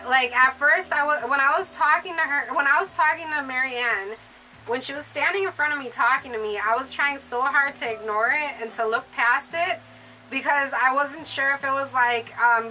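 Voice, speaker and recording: A woman's voice: high-pitched, pushed and bright, low-quality recording. A woman co-hosting a casual chat who rambles with lots of fillers. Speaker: co-host, shop owner.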